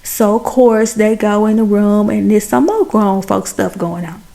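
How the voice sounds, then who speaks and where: A woman giving a chatty, animated recap of a TV drama, talking straight to her viewers. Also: medium pitch, unhurried, gravelly. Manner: chatty, addresses viewers as y'all and baby; animated, exclaims over plot twists. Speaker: TV show recapper.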